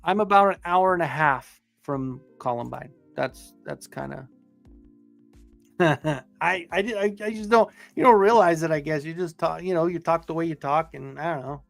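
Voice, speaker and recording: Man, Southern Colorado accent, gravelly, slightly high voice, rambling live-stream chat, faint music behind. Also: normal speed. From Southern Colorado, USA. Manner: rambling, chatty, profane, upbeat. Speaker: livestream host.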